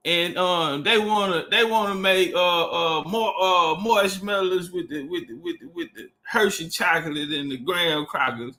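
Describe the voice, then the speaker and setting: Talking at a moderate pace with few pauses, a Texan livestream host uses a high, pushed, bright voice. His speech is loose and profane, with repeated words as he gropes for the next one.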